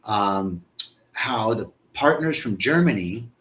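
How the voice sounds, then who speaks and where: A man's voice: on the low side, expressive, slow pace, fairly bright tone. Effusive man hosting a live stream. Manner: effusive, greets viewers by name, stumbles and repeats words. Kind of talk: casual live-stream talk.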